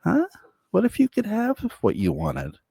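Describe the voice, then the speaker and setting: An eager, greedy woman at a diner, talking high and excited, as a man does her voice. She sounds flustered and grabs at every offer. The recording is dry. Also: measured pace, gravelly, breathy edge, dry recording, full character voice.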